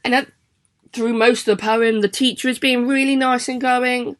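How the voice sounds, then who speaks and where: A woman's voice: on the high side, little pitch movement, normal speed. A young woman, a primary school teacher giving a chatty, encouraging video lesson to children. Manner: chatty, encouraging, sing-song questions to pupils.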